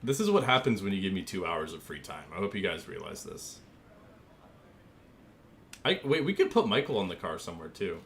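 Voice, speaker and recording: A man's voice: low-pitched, sing-song, brisk, gravelly, pauses often, a bit bright, slight background noise. A young man casually chatting with his stream while designing a paint scheme, joking and easily amused. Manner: goofy, joking, easily amused, talks to chat. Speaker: gaming streamer.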